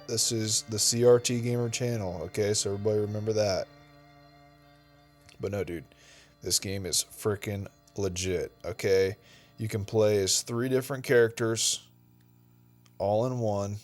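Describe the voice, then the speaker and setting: A man's voice: fairly low pitch, a little mellow. A man hosting a retro gaming channel, giving casual, rambling gameplay commentary and saying "dude" and "okay" a lot. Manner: laid-back, rambling, says "dude" and "okay" often.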